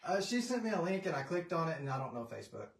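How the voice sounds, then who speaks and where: A team member reading viewer comments aloud in a relaxed, offhand casual chat. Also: mid-range voice, racing. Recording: echoey, off-mic.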